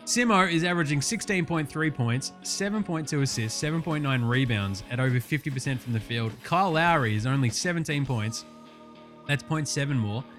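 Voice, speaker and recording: A man's voice: mid-range voice, a little fast, a bit bright, faint music behind. An Australian man hosting a sports podcast, ranting casually with lots of swearing and heated outbursts. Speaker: podcast host.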